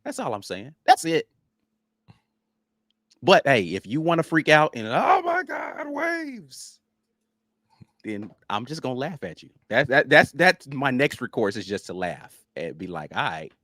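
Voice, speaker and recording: Lively, expressive male sports co-host. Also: medium pitch, moderate pace, no room sound, studio quality. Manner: animated storyteller, acts out calming quotes. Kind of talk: casual sports fan show chat.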